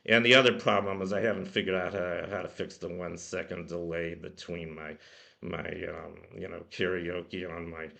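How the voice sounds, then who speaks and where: Low bright-voiced man rambling about a song. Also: level tone, moderate pace, gravelly. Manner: rambling, many "you know" fillers. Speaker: music blog host. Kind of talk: casual spoken song commentary. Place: home. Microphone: computer microphone.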